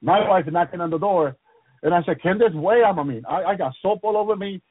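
Male minister, husky high voice, halting testimony full of praise interjections, phone-quality dry recording. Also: no echo. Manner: punctuates every few phrases with "praise the Lord"; halting, repeats words and restarts. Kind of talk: testimony preaching. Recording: dry, tinny phone-like sound.

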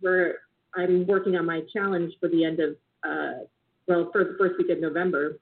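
A woman co-hosting a motivational chat and coaching female entrepreneurs, speaking in a calm, measured way with small pauses. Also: lowish voice, slightly rough. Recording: tinny phone-like line.

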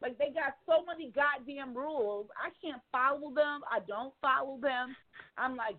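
Woman caller, blunt and crude, quick to laugh; thin phone-line sound, voice sits a bit high. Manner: frank and profane, laughing often. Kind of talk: casual call-in chat.

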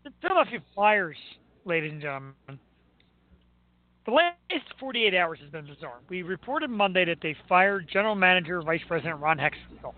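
A man hosting a talk show, chatting and ranting about sports in an excitable, joking way. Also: high voice, fairly quick, no room sound. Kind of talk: casual sports rant and chat. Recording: tinny phone-like line with faint noise.

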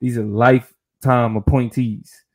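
A man's voice: mid-range voice, level tone, unhurried, a little mellow. A man co-hosting a podcast, explaining politics in a thoughtful, casual way, often restarting his phrases. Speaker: podcast co-host.

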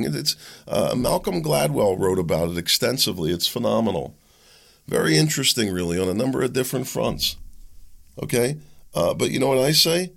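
Gravelly, sarcastic man hosting a show. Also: medium pitch, a bit bright. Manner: rambling, sarcastic, opinionated. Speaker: host. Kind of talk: talk show monologue.

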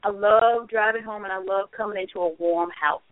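A woman's voice: medium pitch, steady tone, fairly quick, dry recording. A woman co-hosting a casual chat, gushing and repeating phrases, often laughing. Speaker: co-host. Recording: tinny phone line, dry.

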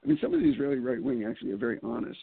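A man's deeply gravelly, husky voice comes through a thin, phone-like line. He talks casually as an interview guest. He tells stories animatedly, stumbles into restarts and laughs often. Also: wildly swooping pitch, rapid-fire, no echo. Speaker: political candidate guest. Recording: phone-like call audio.

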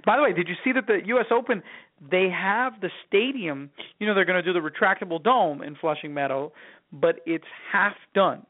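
A man's voice: sits high, brisk. A man co-hosting a casual sports talk show, steadily explaining his takes. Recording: tinny phone-like line.

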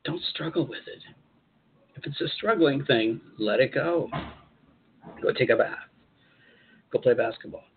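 A man hosting a spiritual advice show, speaking in an encouraging, repetitive way and pausing to comment as he reads articles aloud. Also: mid-range voice, slight background noise. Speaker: host channeling spirit guides. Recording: tinny phone-like audio.

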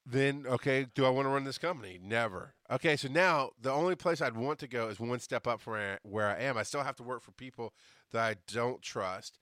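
Animated man telling a podcast story. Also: mid-range voice, a little fast, no room sound, studio quality. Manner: animated, profane, many restarts. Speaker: podcast host. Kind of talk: casual storytelling monologue.

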